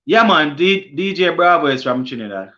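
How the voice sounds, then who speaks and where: A man's voice: on the high side, expressive, normal speed, bright, forceful tone. Jamaican man reading chat comments. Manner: casual, reads viewer comments aloud and answers them. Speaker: sports channel host. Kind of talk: live-stream chat reading. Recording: lo-fi stream audio.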